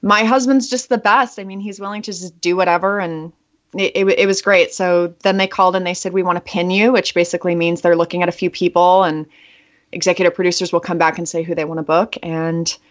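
A woman's voice: on the low side, steady tone, brisk. A woman guest in a casual interview, chatty and bubbly, laughing often as she tells stories. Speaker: actress and veteran guest. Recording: muffled lo-fi audio.

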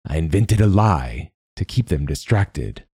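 A man voicing an ancient, secretive machine god in a storybook reading, with a rasping, slow and measured delivery. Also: rumbling low, sing-song, warm tone, no room sound, clean studio sound, heavily acted. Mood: solemn. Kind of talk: audiobook narration.

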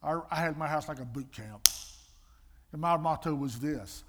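An older man giving sermon-style teaching with personal stories, emphatic and animated, with a husky voice. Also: on the high side, moderate pace. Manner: animated storyteller, emphatic, mimics slapping sounds. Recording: long reverb in a large hall.

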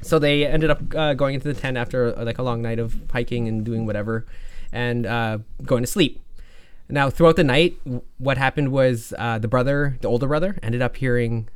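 Smooth-voiced man rambling through a story. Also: medium pitch. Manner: rambling, halting, full of fillers and restarts, swears freely. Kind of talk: casual spoken storytelling.

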